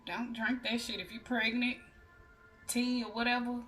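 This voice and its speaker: A woman's voice: fairly high pitch, flat delivery, normal speed, a bit bright, distant mic. A woman giving a casual, blunt tarot reading, chatting to her viewers. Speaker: tarot reader. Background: music.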